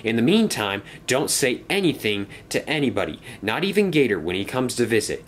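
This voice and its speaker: A man's voice: medium pitch, very animated, fairly quick, slight background noise, lightly acted. Man voicing an earnest, worried engine. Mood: concerned. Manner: earnest, cautious. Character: worried, thoughtful male steam engine.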